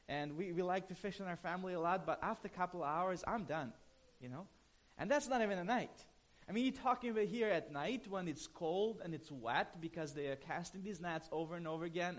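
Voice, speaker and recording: A male pastor delivers a sermon in a loose, conversational style. His voice sits high for a man. He drifts between hushed, tender stretches and emphatic bursts. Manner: conversational preaching, swings between soft and emphatic.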